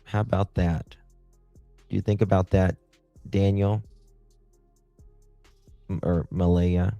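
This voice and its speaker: A man with a very low, gravelly voice hosts a casual live stream and talks straight to his chat. He speaks slowly, with a dark and mellow tone and a sarcastic edge. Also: little pitch movement, no echo, dull audio, soft background music. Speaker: livestream host.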